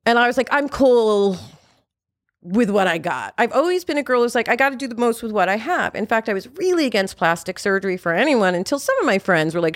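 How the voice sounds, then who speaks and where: A woman's voice: on the high side, fairly quick, no echo, clean studio sound. Candid, swearing woman in her fifties. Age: 50s. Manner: frank, animated, swears freely. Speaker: podcast host. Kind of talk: candid conversational chat.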